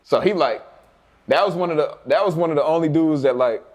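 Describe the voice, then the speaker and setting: A man's voice: a little high, a little fast, darkish tone. A young man telling laid-back, profane stories as an interview guest, often laughing and acting out his coaches' voices. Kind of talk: casual storytelling.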